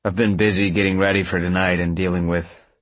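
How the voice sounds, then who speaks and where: Man voicing a steady, gentle young man. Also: sits low, fairly quick, no room sound, natural voice. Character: steady, kind young man talking to a ghost.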